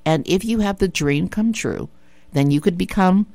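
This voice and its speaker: A woman's voice: on the low side, normal speed, vocal fry, warm tone, dry recording. A woman hosting a radio talk show, chatting in an opinionated, emphatic way that repeats her points and asks the listener rhetorical questions. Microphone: studio radio mic.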